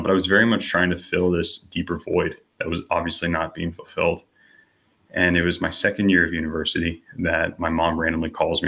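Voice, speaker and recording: A young man with a low, deep voice that still has a bright, forceful edge tells his story in a relaxed podcast chat. He leans on "you know" and "like" and slips into the voices of the people he quotes as he goes. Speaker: podcast guest. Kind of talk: personal testimony in casual conversation.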